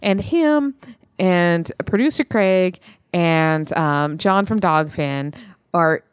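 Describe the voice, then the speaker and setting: A middle-aged woman co-hosting a casual podcast chat, telling stories in a lively way and acting out other people's lines in raised voices. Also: slow pace, clean tone, no echo, clean studio sound. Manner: animated storyteller, acts out quotes in high voices. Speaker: podcast co-host.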